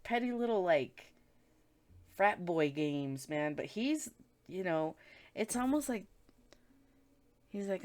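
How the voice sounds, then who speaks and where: A woman's voice: lowish voice, lively intonation, slow, pauses often, a little mellow. A woman giving a casual tarot reading, talking bluntly and with plenty of swearing and filler words. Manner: chatty, blunt and profane, with frequent filler words. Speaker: tarot reader.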